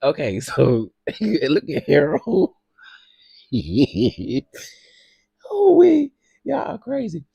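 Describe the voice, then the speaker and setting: A man hosting a casual gossip commentary, sassy and dramatic, who often bursts into loud laughter. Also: a little high, wildly swooping pitch, extremely slow, creaky, pauses often, husky, no room sound, dull audio.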